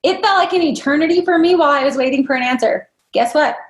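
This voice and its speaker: A woman's voice: sits high, fast talker, reverberant. A woman trainer leading an interactive online workshop, upbeat and coaxing as she quizzes her audience. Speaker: dental practice trainer leading a live workshop.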